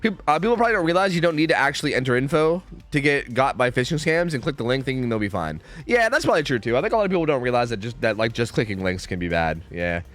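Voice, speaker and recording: A man's voice: mid-range voice, sing-song, fast, hardly any pauses, fairly bright tone, faint music behind. Young guy streamer rambling and cussing, sarcastic, voice bouncing all over. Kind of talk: casual chat with viewers.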